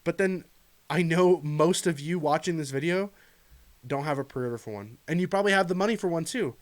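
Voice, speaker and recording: A man's voice: a little high, brisk. Frustrated man ranting. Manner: frustrated, earnest, pleading. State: choked up near the end. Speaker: gaming YouTuber. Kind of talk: ranting commentary to camera.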